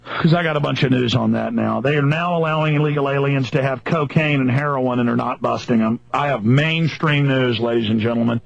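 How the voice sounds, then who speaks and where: A man's voice: mid-range voice, a little fast, gravelly, dry recording. A man hosting a talk radio show, ranting angrily and mockingly in long emphatic lists. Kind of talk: angry political radio rant. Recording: dull lo-fi radio broadcast.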